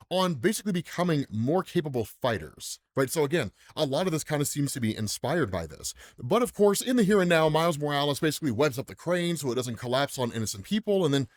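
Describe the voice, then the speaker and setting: An American man hosting a comics commentary channel, chatting casually and tacking "right?" onto his sentences. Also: mid-range voice. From United States. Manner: chatty, says "right?" constantly, laughs often. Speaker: comics explainer channel host.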